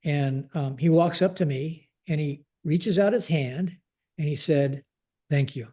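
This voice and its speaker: A man in his sixties tells stories as a podcast guest in a mellow voice that sits a little high. He talks in a halting way, restarting his sentences and tagging them with a habitual phrase. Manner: halting, frequent restarts, keeps saying "like this". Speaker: podcast guest, retired Air Force general. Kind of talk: conversational storytelling.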